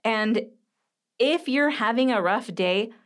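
A woman's voice: a little high, expressive, slow pace. A woman in her thirties hosting her own podcast, talking casually and candidly straight to her listeners with plenty of fillers. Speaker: podcast host. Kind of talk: casual solo podcast talk.

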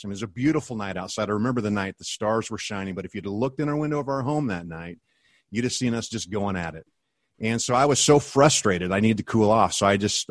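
Earnest middle-aged American man, low voice. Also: no echo, studio quality. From United States. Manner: earnest, emphatic storyteller. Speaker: guest, author and speaker. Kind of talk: storytelling in a podcast interview.

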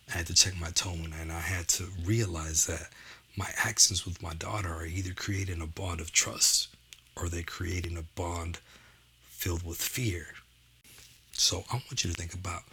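A man's voice: low-pitched, vocal fry, bright, forceful tone, husky. A man speaking as an educator and father to parents and teachers, conversational, often checking in with "you know" and "okay?". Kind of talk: motivational talk to parents and teachers.

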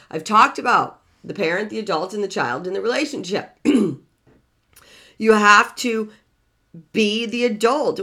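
Speaking without a script, a woman who coaches on relationships gives advice in a mid-range voice, hammering home certain words by repeating them. Her volume rises and falls from gentle to forceful as she presses her points.

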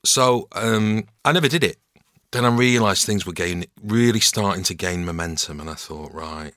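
Bright-voiced middle-aged Mancunian man. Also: on the low side, normal speed, no echo, clean studio sound. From Manchester, England. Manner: relaxed storytelling, self-mocking asides. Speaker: guest actor and voice-over artist. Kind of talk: casual podcast chat.

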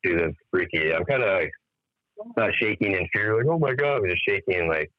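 Deep-voiced man on a tinny phone line. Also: fairly quick, no room sound. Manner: animated storyteller, swears freely, acts out quoted dialogue. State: tired after staying up all night. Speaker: musician guest. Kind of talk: casual phone interview storytelling.

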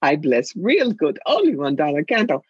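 A woman's voice: low-pitched, very animated, moderate pace, breathy edge, dry recording, lo-fi sound, heavily acted. A woman voicing a scheming fake fortune-teller who hustles customers, using an exaggerated broken-English put-on accent and wheedling sales talk. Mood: pushy. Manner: wheedling, pushy sales patter.

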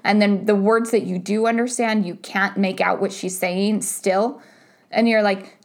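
Chatty woman, animated and rambling. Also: medium pitch, a little slow. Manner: animated, lots of "like" and "right?". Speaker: podcast co-host. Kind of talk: casual couples chat.

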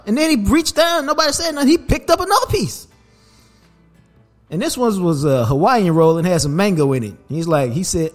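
An older man with a drawl tells a family anecdote as a podcast host. He is casual and animated, jumping into little voices for the people in his story. His voice sits a touch high, with faint music underneath. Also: a little fast.

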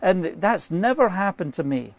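A man's voice: sits high, big pitch swings, normal speed, dry recording. A man preaching an informal sermon, earnest and fervent, telling stories and quoting scripture, speaking from inside a trailer.

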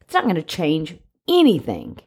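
A woman with a low-pitched voice talks through dog training in a relaxed podcast chat. She lays out her points with plenty of everyday examples, in a conversational, unhurried way. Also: slightly rough. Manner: explains by steady examples, talkative.

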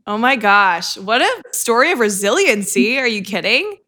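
Woman host, bright voice, casual chat, lots of laughing reactions. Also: on the high side, very animated, normal speed. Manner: reacts with laughs and upbeat comments.

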